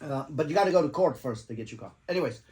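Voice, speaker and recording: A man's voice: a little high, expressive, rapid-fire, darkish tone. A man, telling a long personal story in a loose, chatty way. He swears freely and acts out what each person said, laughing at his own jokes as he goes. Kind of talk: casual storytelling.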